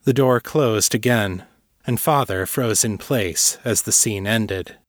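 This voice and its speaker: A man narrating a fantasy audiobook in a steady, measured way. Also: fairly low pitch, no room sound, studio quality. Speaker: narrator and author.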